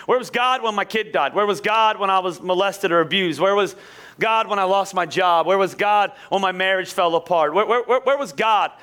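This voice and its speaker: A man from Pennsylvania with a slight Pennsylvania accent, preaching a sermon in an energetic way, joking with the congregation and often repeating words. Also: high-pitched, moderate pace, clean tone. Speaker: pastor.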